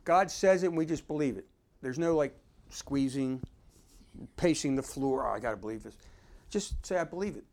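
A man's voice: a little high, moderate pace, a little mellow, a little hiss or hum. A man giving informal Bible teaching, talking conversationally and reading verses aloud with emphasis. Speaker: preacher.

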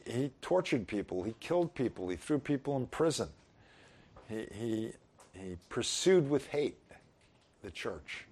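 A man's voice: mid-range voice, darkish tone. A middle-aged man giving an informal sermon, conversational with chuckling asides. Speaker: pastor.

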